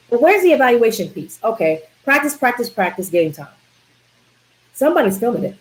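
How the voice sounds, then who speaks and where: A woman's voice: mid-range voice, a little mellow, rough recording. A woman giving a live community talk on wellness, emphatic, repeating key words and asking the audience questions. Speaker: wellness presenter.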